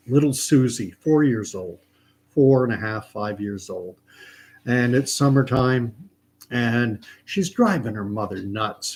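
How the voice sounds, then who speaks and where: A Canadian man in his fifties telling jokes in a casual way, with relaxed, rambling asides. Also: mid-range voice. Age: 50s. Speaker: joke teller.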